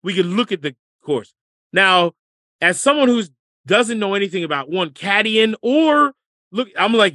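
Lively higher-voiced man telling stories. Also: measured pace, no room sound, studio quality. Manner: lively storyteller, laughs through his anecdotes. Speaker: podcast guest, former caddie and comedian. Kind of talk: casual storytelling interview.

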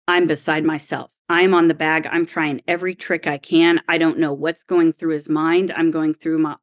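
A middle-aged woman from Oklahoma, a golf caddie guest telling a story in a lively, emphatic, exasperated way. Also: low voice, dry recording, studio quality. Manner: animated, emphatic, exasperated retelling. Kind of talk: casual storytelling.

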